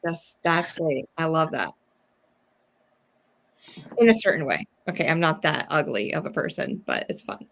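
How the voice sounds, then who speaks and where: Gravelly-voiced woman chatting. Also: low voice, animated, moderate pace, long pauses, a bit bright. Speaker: mother. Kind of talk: casual chat.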